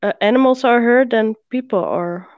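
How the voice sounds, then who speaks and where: Casting note: Dutch-accented woman, slightly high, giggly and hesitant, muffled dry call audio. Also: no room sound. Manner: giggly, hesitant, halting English. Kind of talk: casual chat.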